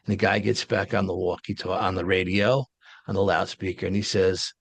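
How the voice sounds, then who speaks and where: A low, gravelly man tells his story as an interview guest. His talk is casual, blunt and colloquial. The sound is dry and close. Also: steady tone, fairly quick, no echo. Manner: colloquial, blunt, street-wise phrasing. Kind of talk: casual first-person storytelling.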